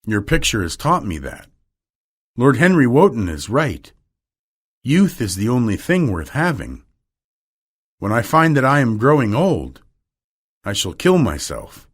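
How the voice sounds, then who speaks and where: A man's voice: medium pitch, huge pitch swings, unhurried, pauses often, breathy edge, heavily acted. A man reading aloud and voicing a vain young man in despair, speaking in a pleading, emotional way. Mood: anguished.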